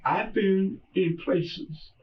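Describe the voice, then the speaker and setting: An older man speaks in a police interrogation, dragging his words out slowly and circling back to the same pleading phrases. His voice sits a bit high for a man and comes from well away from the microphone. The audio is dull and muffled, like a room camera recording. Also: recorded from a distance. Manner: slow, repetitive, pleading, emotional. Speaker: murder suspect in interrogation.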